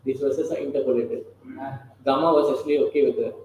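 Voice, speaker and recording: In a medium-pitched voice with fairly even intonation, a man talks quickly through a scripture class lecture, checking with the audience through frequent rhetorical questions. A very echoey room and faint noise color the recording.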